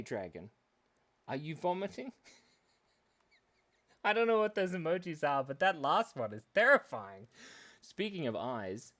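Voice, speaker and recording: A young man hosting a kids' drawing livestream, chatting in a silly, giggly way and talking to his viewers as he draws. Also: mid-range voice. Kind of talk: playful live drawing chat.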